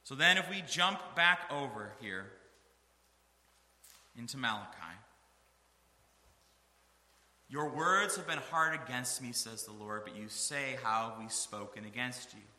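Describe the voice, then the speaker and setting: A man's voice: mid-range voice, lively intonation, a little slow, sharp tone, echoey room, big-room sound. A man preaching a sermon, reading scripture aloud with earnest, rising emphasis.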